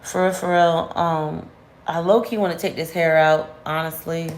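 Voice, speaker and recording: Speaking directly to camera at a moderate pace, this vlogger tells a casual story in a slightly low voice that echoes around a bare room. She comes across candid and slangy, turning sharp and animated as she vents.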